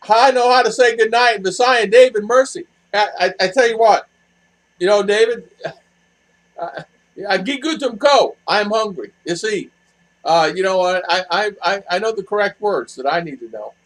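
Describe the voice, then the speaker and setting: A man's voice: a little high, breathy edge, low-quality recording. Rambling man chatting with viewers. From expat living in the Philippines. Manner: rambling, with many fillers and restarts. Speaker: vlog host answering viewer chat. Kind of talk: casual live chat.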